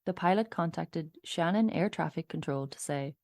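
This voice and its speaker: A woman's voice: sits low, normal speed, a little mellow. A woman co-hosting a podcast, reading out a story and laughing easily. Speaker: podcast co-host. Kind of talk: casual chat and scripted narration.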